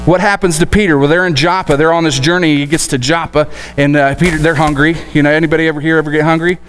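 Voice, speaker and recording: Folksy, higher-voiced male preacher. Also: fast talker, soft background music, low-quality recording. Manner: folksy, animated, acts out quoted voices. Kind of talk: sermon.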